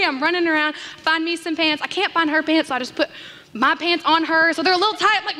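A young woman, a church missions director, telling an animated story from the stage and acting out the voices in it. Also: high-pitched, fast, slight background noise. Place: church sanctuary. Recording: long hall reverb.

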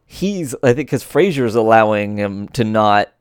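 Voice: medium pitch, animated, unhurried, smooth, no echo, clean studio sound. A podcast co-host in casual chat about a TV episode, easygoing and hesitant with many fillers.

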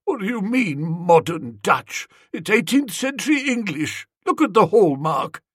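Irascible elderly male magistrate, put on by a male narrator: husky, high, shrill, indignant, storybook character, dry sound. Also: sing-song, a little slow, dry recording, exaggerated voice. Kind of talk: audiobook character voice.

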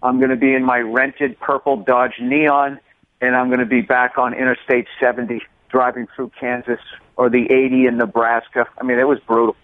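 Animated storytelling man on a tinny line. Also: mid-range voice, moderate pace, no echo. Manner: animated storyteller, acts out voices. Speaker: comedian guest. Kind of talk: casual interview chat. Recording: tinny phone-line sound, dry.

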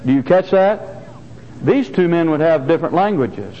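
A man's voice: on the high side, lively intonation, moderate pace, mellow, big-room sound, muffled recording. An older man preaching a sermon, earnestly repeating key phrases for emphasis. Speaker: pastor. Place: church sanctuary.

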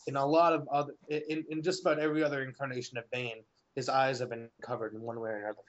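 A man chatting casually about a movie, halting and restarting, with the odd swear, on a call recorded through a laptop mic. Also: medium pitch, level tone. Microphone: laptop or headset on a call. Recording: dull lo-fi online call audio.

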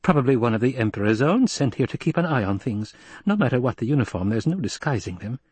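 A tense, guarded doctor thinks his way through danger, as a male reader plays him. His voice is husky and stays close to the reader's own. The recording is dry, like a studio audiobook. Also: medium pitch, big pitch swings, fast talker, darkish tone, no echo. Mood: brooding. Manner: hesitant, guarded. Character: anxious male doctor, traitor. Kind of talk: audiobook narration.

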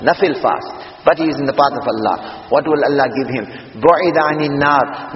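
A man preaching a fervent sermon, crying out in rising pleas and then dropping to quiet, earnest appeals to his listeners. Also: fairly high pitch. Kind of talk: impassioned sermon. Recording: echoey hall, muffled lo-fi sound.

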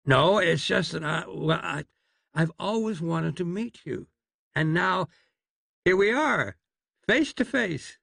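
An eager young woman, stammering and raised in pitch, voiced by a male storybook reader. The underlying voice stays gravelly, recorded close and dry. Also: animated, slow, fairly bright tone, dry recording, full character voice. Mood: starstruck.

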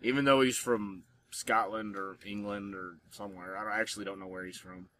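Bright-voiced American man rambling casually. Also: fairly low pitch, fairly even intonation, brisk. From United States. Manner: rambling, heavy on "like" fillers. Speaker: podcast co-host. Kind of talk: casual chat.

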